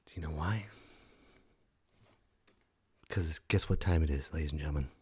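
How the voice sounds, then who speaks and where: A man in his thirties hosting his own podcast, talking loudly and casually in a rambling, jokey way with sudden shouted bits. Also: extremely low pitch, normal speed, breathy edge. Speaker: podcast host. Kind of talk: casual solo podcast monologue.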